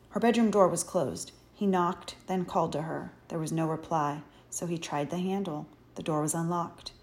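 A woman reading an audiobook chapter in measured, expressive storytelling narration. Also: fairly low pitch. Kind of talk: scripted narration.

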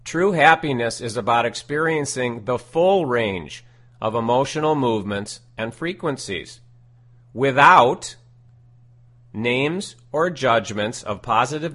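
A man giving scripted self-help teaching in a deliberate, emphatic way, repeating his key phrases. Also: mid-range voice, a bit bright.

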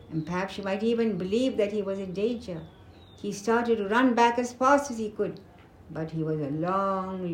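Woman reading a story aloud, echoing. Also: medium pitch. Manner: expressive, dramatic storytelling. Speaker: book reader. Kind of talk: storybook narration. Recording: roomy echoing room.

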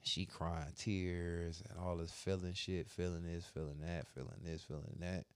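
A man with a fairly low voice tells crude stories in a blunt, profane, offhand way, getting heated as he retells his arguments. He works as a barber and co-hosts a casual podcast. The recording is dry, with no room sound. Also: little pitch movement, a little slow, clear, resonant tone, dry recording. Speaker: podcast co-host.

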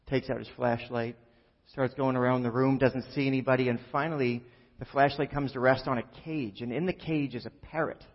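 A pastor delivers a relaxed, joking sermon, full of fillers and asides. His voice rings out in a big echoey church hall. The recording sounds muffled and dull. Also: mid-range voice, brisk. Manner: conversational, joking, many fillers.

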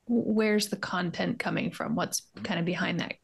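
A woman's voice: fairly low pitch, steady tone, normal speed, vocal fry, slightly rough. A woman co-hosting a podcast from her home art studio, talking in a candid, self-searching way with tender, trailing asides. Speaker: podcast co-host. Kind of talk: casual reflective conversation.

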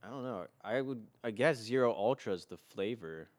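Young dude podcast cohost, lowish voice, dry deadpan jokes, kinda mumbly. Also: male voice, normal speed. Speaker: podcast co-host. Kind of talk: casual chat.

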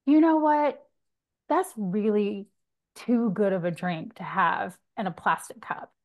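Woman podcast host, chatty and animated, tells stories and swears a lot. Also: mid-range voice. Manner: animated storyteller, frequent swearing. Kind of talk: casual chat.

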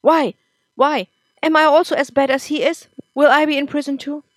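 A woman voicing an angry, desperate teenage boy who shouts and pleads, in a dry close recording. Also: a little high, a little fast, dry recording, pitched above the performer's own voice, close to an everyday voice.

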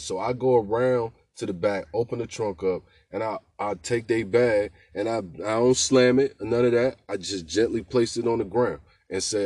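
Low-voiced laid-back man storytelling. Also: moderate pace, hardly any pauses, darkish tone, dry recording. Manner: laid-back slangy talk, keeps asking "you know what I'm saying". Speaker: podcast host telling rideshare stories. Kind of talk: casual storytelling.

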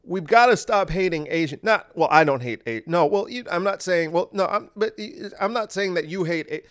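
A man's voice: high-pitched, lively intonation, fairly quick, a bit bright, voice pushed up. A man impersonating a rambling elderly male politician, stammering and trailing off mid-word. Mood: flustered.

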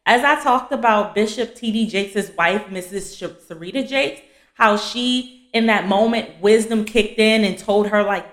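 A blunt young woman talks casually and chattily as she teaches scripture on her podcast. Her voice sits at a middle pitch and sounds a little roomy, recorded in an echoey space. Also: unhurried. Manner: chatty and blunt, addresses listeners as y'all. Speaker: podcast host and fiancée coach. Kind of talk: casual faith teaching to women. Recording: echoey room.

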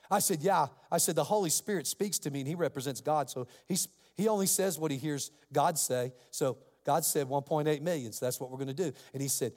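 A male pastor with a high voice tells an animated sermon story at a fairly quick pace, slipping into the voices of its characters. The long reverb of a large hall rings around his words.

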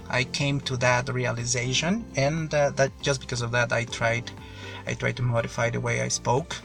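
A man from Mexico, a native Spanish speaker, talks through a casual English lesson with a bright, gravelly, fried voice. He rambles and repeats himself, pausing to explain words, while faint music plays behind. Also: medium pitch. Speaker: English learning podcaster. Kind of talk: casual spoken monologue lesson.

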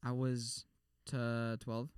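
A young man chatting casually, telling a story in an animated, playful way. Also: medium pitch, takes it slowly, clean tone, dry recording, studio quality. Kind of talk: casual chat.

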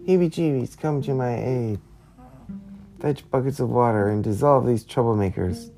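A woman's voice: extremely low pitch, normal speed, mellow, soft background music. A woman doing a blustering salamander king villain. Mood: commanding. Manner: bossy, boastful threats. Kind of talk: picture book read aloud.

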